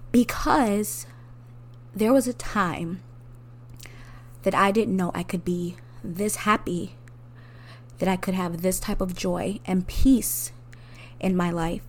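An earnest woman speaks straight to her listeners in a personal podcast monologue. Her voice is mid-pitched, and she talks with heartfelt warmth, laughing softly and pressing harder on the words that matter most. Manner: earnest, heartfelt, with soft laughs and rising emphasis. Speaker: podcast host.

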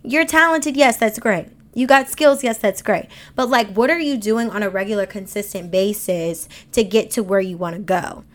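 A woman's voice: medium pitch, a bit bright. A woman hosting a motivational podcast, speaking emphatically in African American Vernacular English with casual slang. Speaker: podcast host. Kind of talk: motivational monologue.

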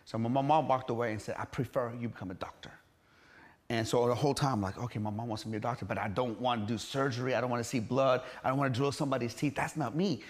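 A man's voice: mid-range voice, steady tone, quick pace. A middle-aged man from Iran, a gym entrepreneur telling his story in an interview, blunt and emphatic, swearing and acting out quoted voices.

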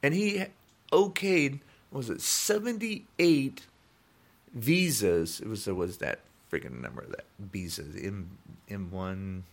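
Slow and animated, a lowish male voice belongs to a man of sixty hosting his own podcast of political rants. He's heated and repetitive, and his voice jumps up as he grows indignant.

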